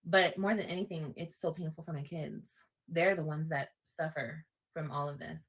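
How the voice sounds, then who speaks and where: Lady on a livestream, kinda low voice, repeats herself, goes quiet and whispery a lot. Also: steady tone, normal speed. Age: adult. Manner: tearful, repeats herself, drops to near-whisper. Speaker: livestream host. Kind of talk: emotional livestream talk.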